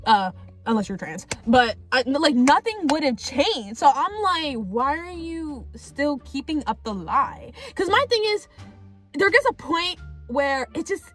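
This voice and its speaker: A young woman telling a casual storytime, rambling and animated, with lots of "like" and free swearing. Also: high voice. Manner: animated, rambling, heavy use of "like", swears freely. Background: faint background music.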